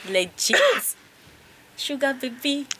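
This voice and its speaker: A woman's voice: high voice, huge pitch swings, takes it slowly, pushed and bright, slight background noise. A Nigerian woman in casual podcast chat, telling family stories and mimicking relatives. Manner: storytelling, mimics relatives' voices. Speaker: podcast guest.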